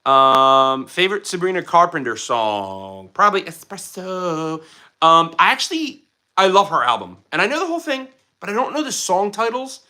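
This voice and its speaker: A man's voice: high voice, very animated, normal speed, pushed and bright. A man hosting a casual livestream, reading out chat comments in a playful, goofy way and now and then slipping into silly voices. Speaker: livestream host.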